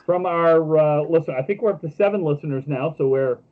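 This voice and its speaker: A man's voice: on the high side, fairly quick, phone-quality sound, slight background noise. A man co-hosting a casual podcast, telling jokey stories with lots of fillers and restarts. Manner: joking storyteller with many fillers. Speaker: podcast co-host.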